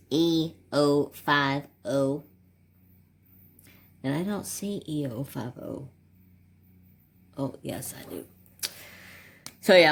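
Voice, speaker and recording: Gravelly man rambling over his crafts. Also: mid-range voice. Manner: rambling, joking, with muttered asides. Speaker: craft channel host. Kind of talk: casual chat while swatching markers.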